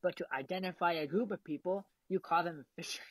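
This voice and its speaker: A woman's voice: on the low side, a little fast, breathy edge, no echo, rough recording. A young woman vlogging casually, rambling with lots of fillers and frequent giggles while she eats. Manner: eating while talking. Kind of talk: casual chat.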